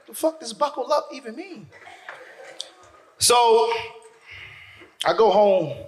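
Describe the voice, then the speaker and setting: A man doing stand-up comedy, telling a story to a live crowd, loud and animated, jumping into shouted character voices. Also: a little high. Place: stage in a theater. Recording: echoey theater with faint noise.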